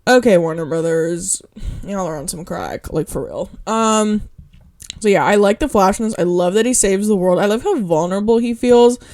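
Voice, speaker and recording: A woman's voice: lowish voice, darkish tone. A young woman rambling casually in a vlog, filling her talk with "um" and "like" and gushing eagerly about what she loves. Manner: rambling, lots of "um" and "like"; enthusiastic, quick to gush. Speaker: vlogger. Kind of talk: casual movie review ramble.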